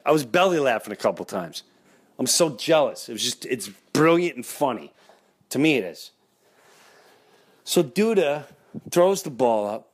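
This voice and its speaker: A middle-aged man, hosting a podcast and telling a story in an excitable way, breaking into loud impressions. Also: mid-range voice. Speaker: podcast host. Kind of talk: animated storytelling.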